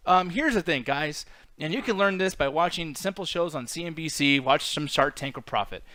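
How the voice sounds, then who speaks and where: A man's voice: fairly high pitch, expressive, normal speed, pushed and bright, no echo. Blunt, foul-mouthed man, dry sound. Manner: opinionated, heavy swearing, argumentative. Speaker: podcast co-host. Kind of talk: casual movie review chat.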